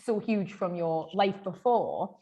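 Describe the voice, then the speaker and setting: A woman, hosting a casual podcast chat, bubbly, swearing freely and laughing loudly. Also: on the low side, very animated, slow pace, muffled recording. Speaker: podcast host.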